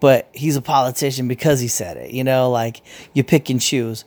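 A man's voice: mid-range voice, moderate pace, a little mellow, no room sound. A man giving casual commentary in a blunt, profane way, rambling and restarting his sentences as he goes. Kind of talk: casual opinion rant.

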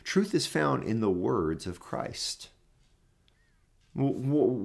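A man preaching a sermon, emphatic and repetitive, building his phrases up and then dropping low. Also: lively intonation, very slow, creaky.

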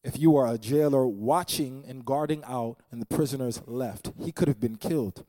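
A man's voice: mid-range voice, moderate pace, dark tone, no room sound. Dramatic man preaching, repeating lines. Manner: dramatic, repeats phrases for emphasis. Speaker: pastor. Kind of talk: sermon. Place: church.

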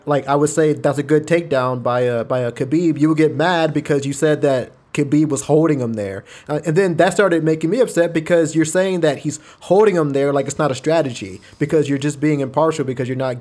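A man co-hosting a casual chat, arguing back defensively and cursing. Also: on the high side. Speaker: podcast co-host.

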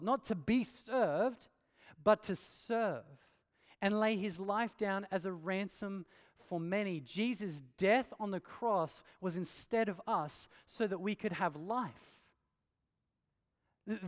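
A man preaching an earnest sermon, asking rhetorical questions and pressing his points with emphasis. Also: sits high. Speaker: pastor. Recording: long hall reverb.

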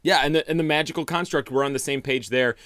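A man co-hosting a podcast, telling game scenarios in an animated way and teasing his partner. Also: on the high side, fast, no room sound. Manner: animated storyteller, wry teasing. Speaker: podcast co-host. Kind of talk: casual chat about tabletop game scenarios.

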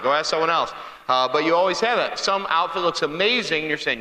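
A man's voice: a little high, a little fast, few pauses, sharp tone, roomy sound, long reverb tail, poor audio. A man giving a humorous sermon, telling stories and asking the congregation questions in a conversational way. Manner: conversational storyteller, asks the crowd questions.

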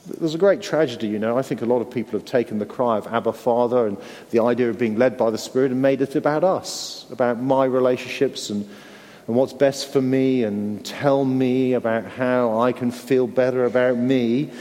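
A man's voice: medium pitch, fairly even intonation, moderate pace, a little mellow. A man preaching a sermon in an earnest way, often repeating words and asking his listeners tag questions. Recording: long hall reverb.

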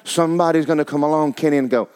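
A man's voice: a little high, steady tone, racing, darkish tone, clean tone. A middle-aged male pastor, preaching a sermon in a folksy, emphatic way and repeating phrases for effect.

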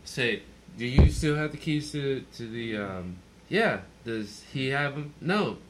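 A man's voice: mid-range voice, lively intonation, takes it slowly, heavy background noise. A drunk man hosting a podcast, telling a story in casual chat, acting out quotes and swearing a lot. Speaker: podcast host.

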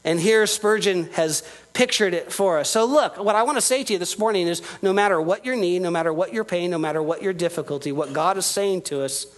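A man's voice: high-pitched, fairly quick, low-quality recording. A man preaching a sermon as pastor, earnest and emphatic, his voice rising and falling with the point he is making.

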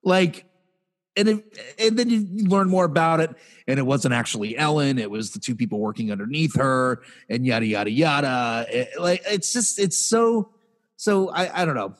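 A man's voice: medium pitch, lively intonation, normal speed. A man co-hosting a podcast in casual chat, rambling, swearing and trailing off mid-sentence. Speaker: podcast co-host.

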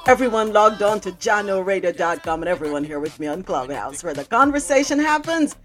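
A woman's voice: mid-range voice, lively intonation, fairly quick, faint music behind. A woman hosting a radio show, chatting casually and reading the news. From Caribbean. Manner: chatty, laughs easily.

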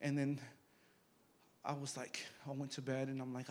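A middle-aged man preaching a sermon, telling stories and swinging from hushed asides to loud, emphatic bursts. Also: mid-range voice, completely flat delivery, moderate pace, a little hiss or hum.

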